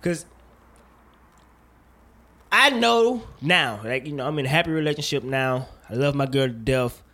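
A man hosting a casual podcast, talking in an animated, jokey way with plenty of profanity and rambling asides. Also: mid-range voice, fast. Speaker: podcast host. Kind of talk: casual chat.

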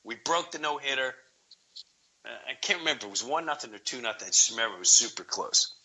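Excitable New man telling a story. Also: medium pitch, fast talker, husky, poor audio. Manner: excitable, acts out his own shouting. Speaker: guest, baseball fan video maker. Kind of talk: animated storytelling in an interview.

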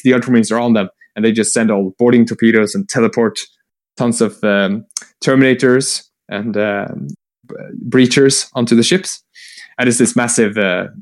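A man casually retelling a long war story, rambling with fillers, swearing and quick acted-out quotes. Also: mid-range voice. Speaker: podcast co-host retelling lore. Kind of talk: casual chat.

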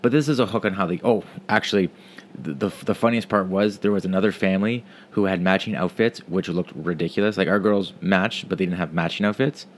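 Low-pitched guy, loose profane delivery, restarts often, faint background hum. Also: brisk. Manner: casual, profane, rambling with restarts. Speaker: parent telling a story. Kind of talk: casual storytelling monologue.

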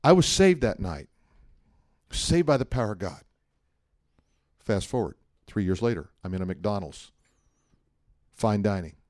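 A middle-aged male pastor telling a personal story in a sermon, animated and joking, often checking in with the listeners. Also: lowish voice, a little slow, pauses often, dry recording, studio quality. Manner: animated storytelling, jokey asides, frequent "right?".

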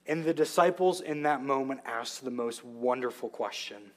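A man's voice: fairly high pitch, moderate pace, few pauses. A man preaching a sermon, telling the story with emphatic, vivid asides. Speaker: pastor.

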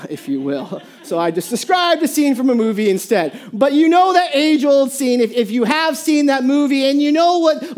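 A preacher giving a sermon, telling a story in a lively way with many restarts and short laughs. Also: mid-range voice.

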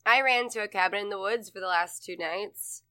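Bright, lively podcast woman. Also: mid-range voice, fairly quick, clean tone. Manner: animated, laughing, voice jumping around. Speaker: podcast co-host. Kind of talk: casual chat.

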